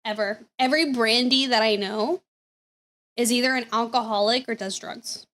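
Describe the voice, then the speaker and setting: A woman's voice: on the high side, fairly even intonation, normal speed, a bit bright. A young woman from the American South with a Southern accent, telling a story casually and laughing often. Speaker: streamer reacting to videos.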